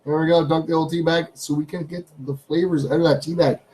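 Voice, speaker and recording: A chatty man from Canada hosts a casual live stream from his home studio. His voice sits a little on the high side. He repeats himself often and talks to his pets between reading out viewers' names. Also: flat delivery, fast talker, dark tone, low-quality recording.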